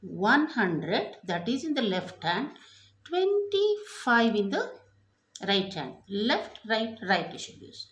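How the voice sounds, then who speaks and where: A woman teaching abacus counts out numbers slowly and deliberately, her pitch high and swinging widely. Her step-by-step prompts carry the patient rhythm of a math lesson. The recording sits in a noticeably echoey room. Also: very animated, a bit bright. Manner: slow, deliberate counting aloud with repeated prompts.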